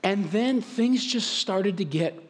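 A man with a fairly high voice tells a funny story from the pulpit in a loose, conversational way. His voice rings out with a long reverb through the hall. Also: animated, slow pace. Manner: conversational, humorous, self-interrupting. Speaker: pastor. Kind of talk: storytelling sermon.

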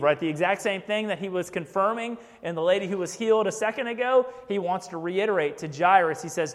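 A man's voice: sits high, fairly quick, hardly any pauses, in a large hall. A man preaching a sermon as a pastor, speaking conversationally and often checking in with "right?", with a joke here and there. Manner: conversational, keeps asking "right?", jokes.

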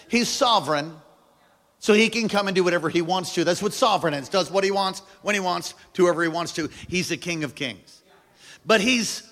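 A man preaching a sermon as pastor, calling on the congregation to repeat after him, moving from hushed lows to shouted peaks. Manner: call-and-response preaching, swings from hushed to shouting. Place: church sanctuary. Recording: long hall reverb.

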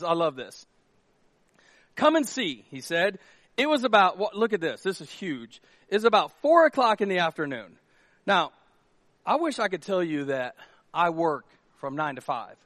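Male pastor, high voice, lively storytelling sermon, dry close mic. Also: moderate pace, dry recording. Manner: animated storytelling, shouts quoted lines.

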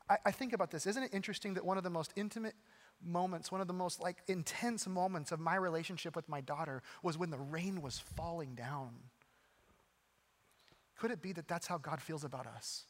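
Middle-aged male pastor, earnest storyteller, slightly high voice, big hall reverb. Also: fairly quick. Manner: earnest storytelling, swings from urgent to hushed. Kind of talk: sermon with personal story.

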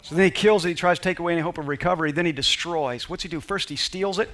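A male pastor preaching a sermon, emphatic, dropping quiet then rising to shouts. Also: on the high side, racing.

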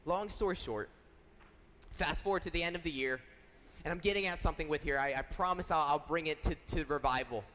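A man's voice: on the high side, brisk, sharp tone, slight background noise. A young man preaching as a youth pastor, earnest and storytelling, joking at himself and asking the audience questions. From South Carolina. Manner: earnest, storytelling, self-deprecating jokes, asks the audience. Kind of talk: sermon. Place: large church hall. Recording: reverberant hall.

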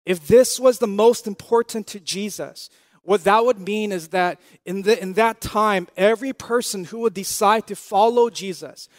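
Earnest high-voiced male preacher. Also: moderate pace, no room sound, clean studio sound. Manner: earnest, conversational preaching with repeated phrases and rhetorical questions. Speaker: pastor. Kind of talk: sermon.

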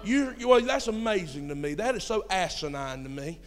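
A man preaching a sermon in a church. He moves between quiet storytelling and loud emphatic peaks, throwing rhetorical questions at the congregation. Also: sits high, sing-song, fairly quick. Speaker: pastor. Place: church sanctuary. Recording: long hall reverb in a church.

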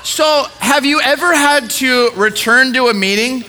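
A young man with a high, bright voice gives a sermon as a story, putting on the voices of the people in it. He often repeats his words as he goes, and his tone stays clear and ringing. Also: a little slow, a little hiss or hum. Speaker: preacher.

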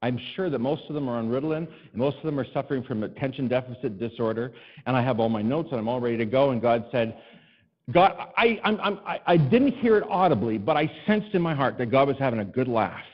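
Animated male pastor in a reverberant hall. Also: medium pitch, fast talker, muffled recording. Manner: animated, self-deprecating, rising to exasperated cries. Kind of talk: storytelling sermon.

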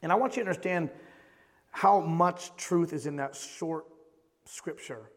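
A man preaching a sermon as pastor, impassioned and repetitive, swinging between loud emphasis and hushed tones. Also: fairly high pitch, a little slow. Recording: long hall reverb.

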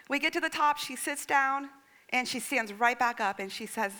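A woman's voice: fairly high pitch, a little fast, sharp tone. A woman in her thirties preaching a sermon, telling stories expressively and acting out her child's lines. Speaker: pastor.

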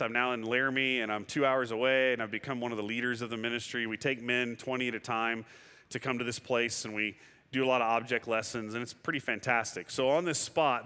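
A middle-aged man preaching a sermon, telling personal stories in an animated way and acting out what he once said. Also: medium pitch. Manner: animated storyteller, acts out his own past words. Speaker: guest pastor. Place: church sanctuary. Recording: long hall reverb.

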